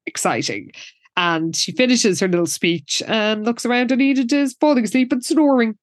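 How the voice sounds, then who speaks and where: A woman with a fairly high voice recaps an episode in a relaxed podcast chat. She laughs often and acts out the characters' lines. The sound is close and dry, with no room echo. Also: moderate pace. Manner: laughing, animated retelling with quoted lines. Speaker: podcast co-host.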